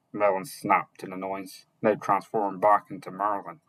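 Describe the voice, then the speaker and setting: A man narrating chapters of a fantasy novel, reading slowly and haltingly, sometimes correcting himself and only lightly voicing the characters. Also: low-pitched, flat delivery, fairly bright tone, no room sound, poor audio. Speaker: audiobook narrator.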